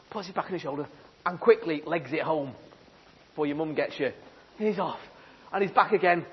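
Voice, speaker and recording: A man telling a story to children, theatrical and playful. His voice is unusually high and husky, and it swings widely in pitch. The recording is dull. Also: very animated, a little fast. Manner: playful, theatrical, asks the audience questions. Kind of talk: animated storytelling talk. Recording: dull lo-fi sound.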